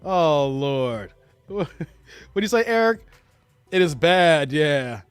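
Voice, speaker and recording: A man's voice: on the high side, big pitch swings, slow pace, clean tone, no room sound, faint music behind. A man hosting a live reaction show, reading out chat comments and laughing often. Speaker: show host reacting to a clip.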